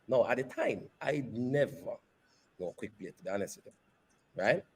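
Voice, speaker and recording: A man, a company CEO, telling a personal story in an interview with animated, repeated phrases. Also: fairly low pitch, slow pace, breathy edge. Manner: animated retelling that repeats phrases and slips into patois.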